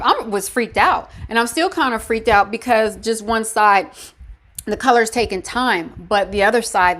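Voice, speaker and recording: A woman's voice: medium pitch, fairly bright tone. A woman vlogger talking casually to camera about wellness, encouraging and emphatic, repeating her points. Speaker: health vlogger.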